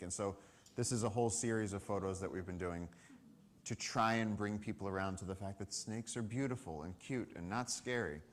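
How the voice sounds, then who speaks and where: A man giving a storytelling talk about wildlife on a summit stage to a live audience, animated and acting out the people he quotes. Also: on the low side, a little fast, a little hiss or hum. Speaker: conservation speaker.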